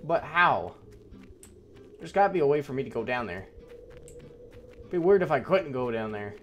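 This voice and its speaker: A man's voice: mid-range voice, lively intonation, brisk, a little mellow, muffled recording, soft background music. A young man giving crude, sarcastic running commentary while playing a game. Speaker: gameplay commentator. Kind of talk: casual let's play commentary.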